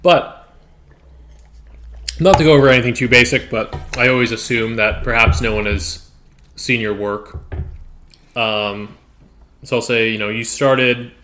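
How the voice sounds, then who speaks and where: A man's voice: mid-range voice, steady tone, measured pace, long pauses, fairly bright tone, slight background noise. A man hosting a casual podcast interview, talking loosely and meandering as he thinks aloud. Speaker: podcast host.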